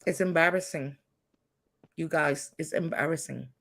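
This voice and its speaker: A woman on a livestream chat who talks in an animated, preachy and emphatic way, with a faint hiss of background noise. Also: deep voice, normal speed, gravelly. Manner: animated, preachy and emphatic, says she feels hyper.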